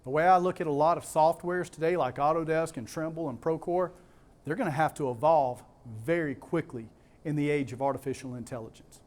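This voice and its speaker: At a keynote before a live audience, a conference speaker with a Southern US accent talks emphatically, repeating key words and putting questions to the crowd. His voice sits on the high side, brisk, with a darkish tone.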